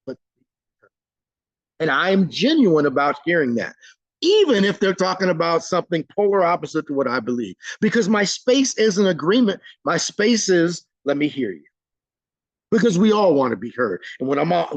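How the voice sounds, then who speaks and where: Energetic American man giving a training talk. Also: a little high, normal speed, no echo, muffled recording. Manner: conversational, energetic, acts out scenes. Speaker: webinar trainer. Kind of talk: live training webinar talk.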